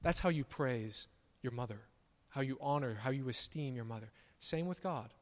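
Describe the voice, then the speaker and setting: A pastor preaching a sermon, emphatic on his declarations and softer on quiet asides. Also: medium pitch, moderate pace. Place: church sanctuary. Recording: long church reverb.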